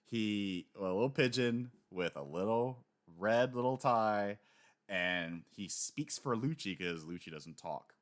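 A man co-hosting a casual chat, animated and quick to laugh, slipping into voices when he retells scenes. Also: lowish voice. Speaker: podcast co-host discussing a manga.

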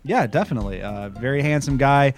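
A man's voice: mid-range voice, animated, a little fast, soft background music. A man co-hosting a podcast, recapping a TV episode in casual chat, rambling and sarcastic with lots of fillers. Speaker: podcast co-host.

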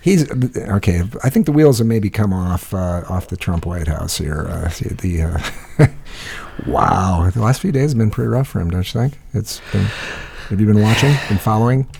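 A middle-aged man with a lowish, gravelly, husky voice talks bluntly in a casual chat. He swears freely and stops often to say "uh" as he gathers his thoughts. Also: animated, moderate pace, darkish tone. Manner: blunt, profane, hesitant with many uh's.

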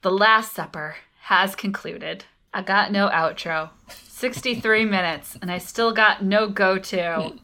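Bright-voiced woman podcast host. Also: medium pitch, takes it slowly, slight background noise. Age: adult with a child. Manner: laughing, animated storytelling. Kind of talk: casual podcast chat.

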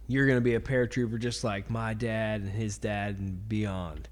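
A man's voice: lowish voice, little pitch movement, normal speed, natural voice. A man doing a proud, earnest dad. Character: proud, affectionate middle-aged father.

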